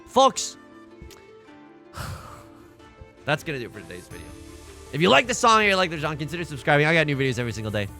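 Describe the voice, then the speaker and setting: Lively, exasperated gaming host, stammering. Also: male voice, on the high side, very fast, long pauses, soft background music. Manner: stammering, exasperated, self-mocking. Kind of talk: let's play commentary.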